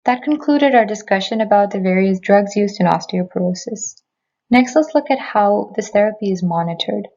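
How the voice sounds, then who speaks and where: Woman giving a measured medical lecture. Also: mid-range voice, a little mellow, highs cut off. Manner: measured, clear, explanatory. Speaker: physician giving a health lecture. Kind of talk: prepared medical presentation. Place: remote recording, not in person.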